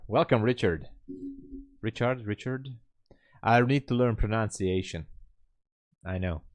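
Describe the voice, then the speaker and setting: Man, low voice, unhurried halting delivery, live trading stream host, laughs a lot, dry close sound. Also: dry recording. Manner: thinks aloud, laughs often, greets chat viewers; relaxed, halting, many fillers. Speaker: day-trading livestream host. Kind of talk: live commentary while trading and reading chat.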